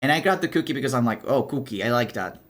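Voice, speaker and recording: A young man chatting casually on a live stream, animated and chatty, swearing and laughing as he shows off items. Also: mid-range voice, fast, a little hiss or hum.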